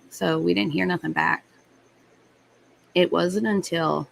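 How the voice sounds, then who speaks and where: A woman's voice: low-pitched, fairly even intonation, takes it slowly, gravelly, pauses often, slight background noise, poor audio. A young adult woman hosting a live stream, telling a story in a blunt, heated way and swearing freely. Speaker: livestream host. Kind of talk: casual storytelling to live chat.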